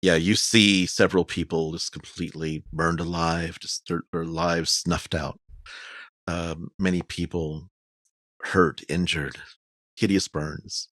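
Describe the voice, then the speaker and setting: A man's voice: low-pitched, steady tone, takes it slowly, a bit bright, dry recording. A man narrating vividly as dungeon master of a tabletop game, with casual fillers.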